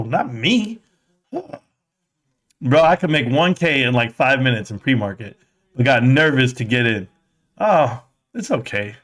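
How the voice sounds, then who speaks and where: With a medium-pitched, fairly bright voice, a male live streamer reads his chat aloud and rambles along, joking casually with viewers.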